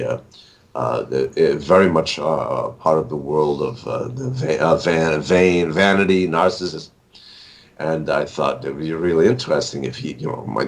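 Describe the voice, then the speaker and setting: A man's voice: extremely low pitch, creaky. An older man in his sixties, an author being interviewed, talking in a rambling way with many fillers and restarts. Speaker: author and actor, interview guest. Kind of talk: casual interview talk.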